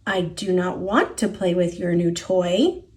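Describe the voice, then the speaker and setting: American lady putting on a low soft elephant dude for a kids book, careful and unsure, slow. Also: close to an everyday voice. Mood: gentle. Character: gentle, careful big male elephant. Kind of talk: picture book read-aloud.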